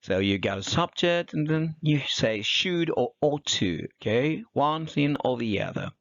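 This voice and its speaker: A man teaching an English grammar lesson, explaining slowly with examples. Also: mid-range voice, expressive, dry recording. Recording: dull, dry and lo-fi.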